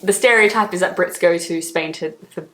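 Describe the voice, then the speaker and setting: A young Australian woman vlogs casually to camera, laughing often and filling pauses with "like." Her voice is on the low side yet pushed and bright, recorded in an echoey room.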